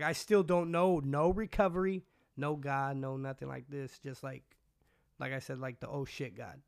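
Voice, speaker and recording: A man's voice: fairly high pitch, clean tone. A man from California telling his own story in an interview, in a casual, profane and rambling way, full of slang. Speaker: guest recounting his past.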